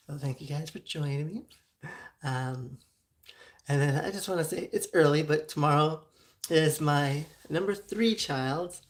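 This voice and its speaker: Woman host, phlegmy voice, clears throat, chatty, filler-heavy, giggly, casual solo talk. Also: sits low. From Southern California. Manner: chatty, many ums and likes, giggles often. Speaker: show host.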